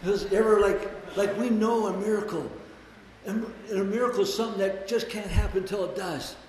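A man in his twenties sharing his recovery story with a group, swearing freely and acting out voices with big jumps in pitch. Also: a little fast, darkish tone. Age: 20s. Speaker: recovery meeting speaker. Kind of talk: personal recovery share to a group. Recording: very echoey hall with long reverb, faint background noise.

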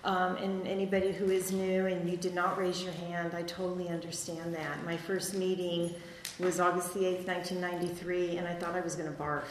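A middle-aged woman speaking to a recovery group, halting and rambling with many ums, laughing at herself as she shares her story. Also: on the low side, level tone, a little hiss or hum. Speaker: speaker sharing at a recovery meeting. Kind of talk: personal testimony to a group. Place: meeting hall. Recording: echoey hall, faint room ambience.

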